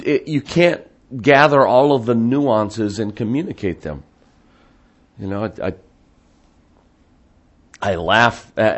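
A man teaches a Bible passage in a sermon, speaking slowly and deliberately. His voice sits on the low side, and his delivery is conversational, full of restarts and small asides. He lifts his voice with emphasis when he reads the scripture aloud.

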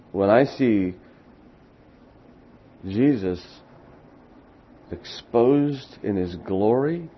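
A man preaching a sermon as pastor, speaking with deliberate emphasis that swells into loud, excited peaks. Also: on the low side, slightly rough, dull audio.

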